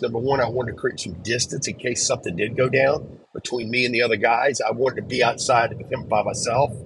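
A middle-aged man tells a story in a casual, reflective way, weighing his words. His voice is very husky and breathy, sitting in an ordinary middle register. He slips into other people's lines as he quotes them. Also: medium pitch, fairly bright tone, low-quality recording. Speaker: podcast host telling a prison story.

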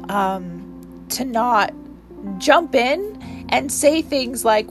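Twenty-something woman rambling on her podcast, kinda high voice, earnest and emotional, faint music behind. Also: lively intonation, extremely slow. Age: 20s. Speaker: podcast host. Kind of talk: casual solo podcast monologue.

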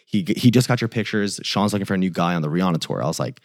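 Guesting on a podcast, a young man who works as a tour photographer races through a loose, profanity-laced story, performing each quoted line. His low voice has lively intonation, and the studio-quality recording is dry.

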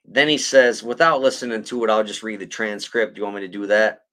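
A man's voice: lowish voice, a little fast, bright, forceful tone. A man hosting a podcast, talking casually and bluntly with a lot of swearing. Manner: blunt, profane, emotional. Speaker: podcast host.

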